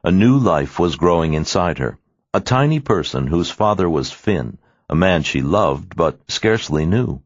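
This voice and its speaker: A man narrating an audiobook with expressive storytelling, in a dry, slightly muffled studio recording. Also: low-pitched, unhurried, dry recording. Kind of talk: scripted narration.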